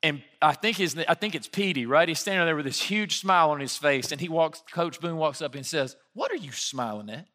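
A man from Alabama delivers a sermon with a bright, forward tone and a slightly raised pitch. He talks to the church like he is telling stories to friends, animated and relaxed. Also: fairly quick, hardly any pauses. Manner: conversational, animated storytelling with laughs. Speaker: pastor.

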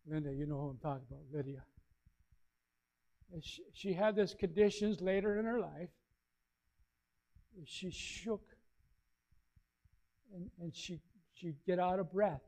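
High-voiced man preaching a sermon. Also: rough recording. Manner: storytelling preacher, dynamic swings in loudness and pitch. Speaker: pastor.

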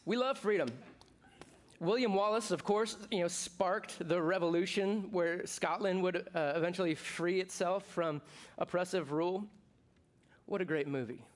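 A middle-aged pastor from the United States delivering a sermon with a casual, joking warmth that breaks into excited bursts. His voice sits a little higher than most men's. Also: moderate pace. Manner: conversational and jokey, with bursts of excitement.

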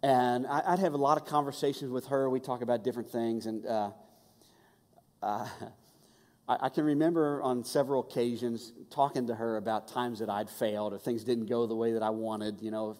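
A man preaching a conversational, animated sermon and acting out the voices he quotes. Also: medium pitch. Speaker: pastor. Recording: long hall reverb.

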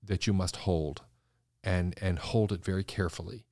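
A man, a designer guest in an interview, telling stories in an animated way and acting out the voices of people he quotes. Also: sits low, normal speed, no room sound, clean studio sound. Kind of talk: conversational interview storytelling.

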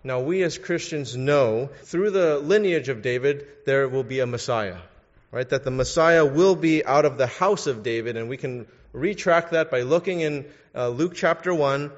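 A man preaching a sermon, asking his listeners pointed questions and urging them to think. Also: mid-range voice. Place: church. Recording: dull sound in a reverberant hall.

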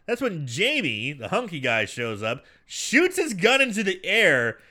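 Man, high lively voice, bright tone, casual podcast movie recap, acts out lines. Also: a little slow. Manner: animated storyteller, acts out lines, laughs often. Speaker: podcast co-host.

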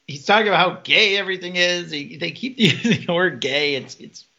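Bright gravelly man on a dull mic. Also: high-pitched. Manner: laughing, retells scenes with quick put-on quotes. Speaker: podcast co-host. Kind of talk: casual episode recap chat.

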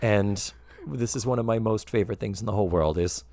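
A man hosting a comedy podcast, chatting casually and camply, dropping into quick character voices as he retells scenes. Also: lowish voice, no echo. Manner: animated, camp, does quick voices of characters. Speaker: podcast host.

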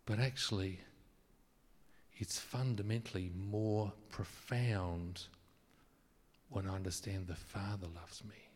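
A man preaching a sermon, earnest and emphatic at times, then soft and intimate. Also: fairly low pitch, steady tone, slow, pauses often. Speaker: pastor. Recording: long hall reverb.

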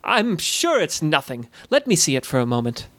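A man's voice: fairly high pitch, sing-song, normal speed, fairly bright tone, no room sound. A man voicing a boastful, cheerful male goblin tinkerer who talks about himself in the third person in a storybook tale.

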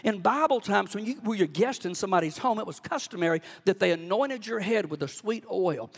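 A man's voice: high-pitched, expressive, fairly quick, vocal fry. A male pastor with a Southern US accent, preaching a sermon in a folksy, fervent manner in a church. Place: church sanctuary. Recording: long church hall reverb.

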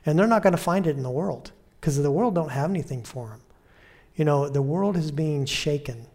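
A man preaching a conversational sermon, repeating key phrases and slowing down to quote Scripture softly. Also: fairly high pitch, animated. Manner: slows and softens when quoting Scripture.

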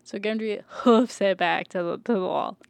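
A woman chatting casually, retelling a story in a lively way with casual swearing. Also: mid-range voice, moderate pace, creaky, clear, resonant tone, dry recording. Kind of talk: casual TV recap chat.

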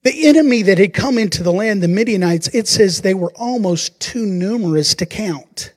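Preaching at a moderate pace, a pastor whose voice sits high brings his sermon's story to life, animatedly performing each quote.

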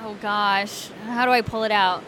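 A woman's voice: medium pitch, steady tone, moderate pace, fairly bright tone, slight background noise. A woman from Alabama, chatting in an interview as a voice actress, bubbly and often giggling. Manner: bubbly and giggly, many fillers. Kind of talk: casual interview chat.

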